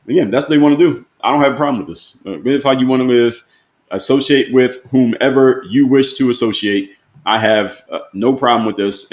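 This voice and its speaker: A man's voice: fairly low pitch, echoey room. A man hosting a live-stream, talking plainly and pressing his point with repeated rhetorical questions. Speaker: host.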